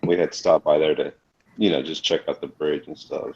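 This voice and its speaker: A man with a very low voice chats as a guest in an online group call. He is easygoing and often corrects himself mid-sentence. His audio comes through dull and lo-fi. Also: fairly even intonation, normal speed. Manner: easygoing, self-correcting, laughs. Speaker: guest on a live chat. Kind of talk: casual group chat.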